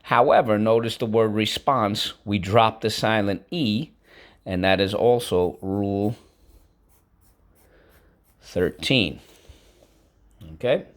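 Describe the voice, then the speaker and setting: A man's voice: lowish voice, slow, long pauses. A male teacher leading a classroom vocabulary lesson, breaking words into syllables and having students repeat them, with casual asides and frequent okays.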